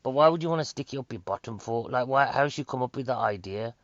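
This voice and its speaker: A man with a Northern English accent doing a rambling, chatty stand-up set, excitable and quick to wander off topic. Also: mid-range voice, dry recording. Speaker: stand-up comedian. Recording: dry, slightly dull sound.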